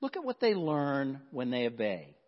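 A man preaching a sermon as pastor, earnest and emphatic, often dropping to a hush. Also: mid-range voice, huge pitch swings, normal speed. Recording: dull sound with long hall reverb.

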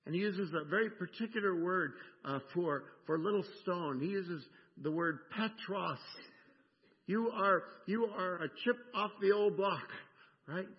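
A man's voice: high-pitched, a little slow. An older American man preaching a sermon, emphatic and repeating words as he explains scripture. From United States. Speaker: pastor. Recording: dull sound with long reverb in a hall.

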